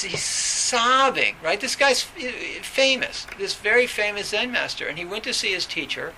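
Guy with a really bright high voice giving a zen talk, lots of ums, faint hiss behind. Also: poor audio. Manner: rambling, many fillers and restarts. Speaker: Zen teacher. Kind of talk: dharma talk.

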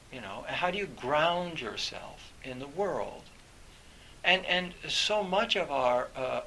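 Gravelly, halting middle-aged man. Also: fairly high pitch, pushed and bright, slight background noise, low-quality recording. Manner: halting, with many fillers and restarts. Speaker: university professor. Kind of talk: reflective talk.

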